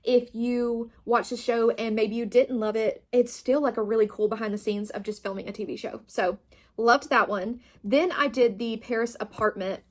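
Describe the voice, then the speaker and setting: An enthusiastic young woman talks through her month of reading in a relaxed, chatty way, gushing over favorites. Her voice sits a little higher than most. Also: moderate pace. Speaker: booktube host. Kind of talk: casual reading wrap-up chat.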